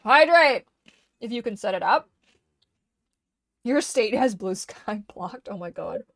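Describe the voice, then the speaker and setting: A woman's voice: medium pitch, a little slow, vocal fry, dry recording, clean studio sound. A woman live streaming from her desk, chatting casually and rambling with many restarts, her voice slightly worn. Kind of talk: casual livestream chat. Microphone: desk microphone.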